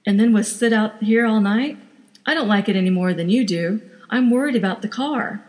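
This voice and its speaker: A woman voicing a stubborn husband driving on, in a flat, clipped way. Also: medium pitch, normal speed, big-room sound, natural voice. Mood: tense, stubborn.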